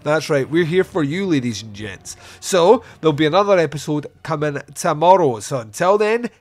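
A man hosting a podcast on his own, recapping a film scene in an animated, wry, self-mocking way. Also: on the high side, normal speed, no room sound. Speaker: podcast host. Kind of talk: solo film review recap.

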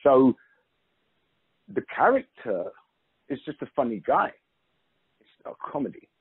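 A man's voice: mid-range voice, sing-song, a little slow, breathy edge, no room sound. A middle-aged man talking as an interview guest, emphatic and chatty, restarting sentences and saying "you know" a lot. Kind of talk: casual conversational interview. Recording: narrow phone-like line.

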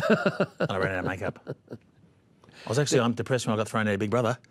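A man's voice: fairly low pitch, brisk, dry recording. A middle-aged Australian man, a guest, telling brash and bawdy anecdotes in chat. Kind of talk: storytelling chat.

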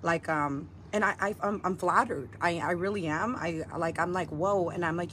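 A woman's voice: fairly low pitch, moderate pace, a bit bright, poor audio. A woman livestreaming, meandering through her story with lots of fillers and swearing. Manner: meandering, heavy fillers and profanity. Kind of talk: rambling livestream talk. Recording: livestream clip with vehicle noise.

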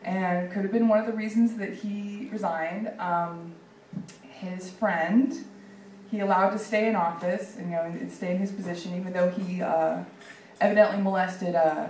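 A young woman from Texas doing a sarcastic, deadpan stand-up set at a comedy club, with plenty of ums and likes. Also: lowish voice, moderate pace, a little hiss or hum. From Dallas, Texas. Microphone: handheld stage mic. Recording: echoey room from far off.

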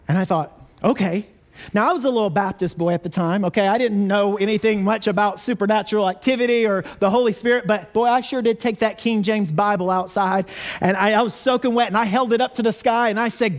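Man pastor, high voice, animated storytelling sermon. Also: fairly quick. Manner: animated storytelling, acts out quotes. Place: church sanctuary.

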